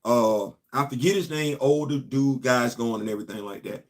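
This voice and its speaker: Hosting a laid-back opinion show, this middle-aged man from New York speaks at a normal speed. His delivery is emphatic, alternating loud points with quieter asides.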